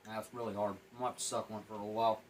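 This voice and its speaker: Low-ish and level, his delivery is rapid-fire over slight background noise on a poor-quality recording. He's an MRE reviewer who talks plainly and rambles about the food while eating and smoking, at times with food in his mouth.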